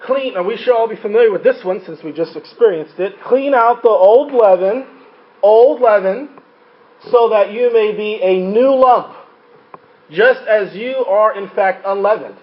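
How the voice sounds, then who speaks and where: A man teaching a Bible study class, who keeps checking in with his listeners with quick "right?" questions. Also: sits high, dull audio. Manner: frequent rhetorical checks like "right?".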